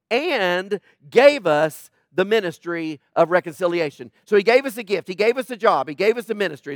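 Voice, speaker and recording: A man's voice: high-pitched, dry recording, clean studio sound. A male pastor preaching a sermon, emphatic and full of rhetorical questions to the congregation.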